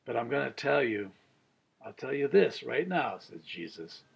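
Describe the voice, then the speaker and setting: A man's voice: mid-range voice, sing-song, unhurried, creaky, slightly rough. A man in his sixties, a pastor, giving an earnest Bible study sermon with a personal story, chuckling as he tells it.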